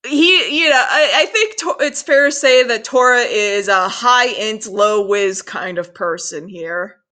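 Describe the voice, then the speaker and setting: Casual, animated woman podcast co-host. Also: a little high, unhurried. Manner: animated, swears freely, acts out quotes. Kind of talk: casual recap chat.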